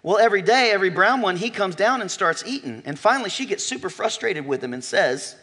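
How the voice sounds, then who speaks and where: Man pastor, sermon in church, bright slightly high voice, emphatic swings between soft asides and loud calls, drawn-out stressed words. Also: animated, slightly rough. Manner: emphatic preaching, rising to near-shouts, slowing for stress. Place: church sanctuary.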